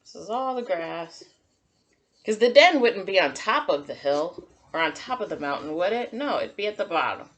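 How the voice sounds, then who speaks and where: A woman teacher giving a gentle, encouraging drawing lesson to young children and talking through each step as she draws. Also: lowish voice, very animated, moderate pace. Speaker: kindergarten teacher.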